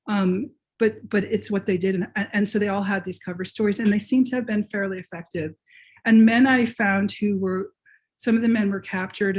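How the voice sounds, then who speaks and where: A woman's voice: medium pitch, a little mellow. A woman author and professor answering questions in a virtual lecture, talking eagerly and restarting her sentences as she thinks aloud. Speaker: author and professor being interviewed. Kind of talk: conversational lecture Q&A. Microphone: video call.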